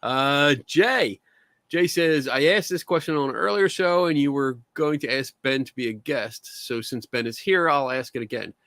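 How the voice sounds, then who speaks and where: A male host in a casual live stream, joking around and reading viewer questions aloud. His voice sits at an ordinary middle pitch. The sound is dry and close, with no room echo. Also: normal speed, fairly bright tone.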